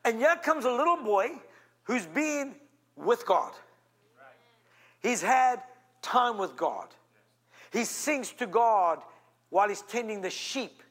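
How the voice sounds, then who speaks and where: Pastor role, high-pitched man, emphatic storytelling sermon, lively rises and drops. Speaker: senior pastor. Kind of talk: animated sermon.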